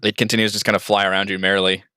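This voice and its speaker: Bright-voiced man running a tabletop game. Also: fairly low pitch, very fast, smooth, dry recording, clean studio sound. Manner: relaxed, full of fillers and hedges. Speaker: dungeon master.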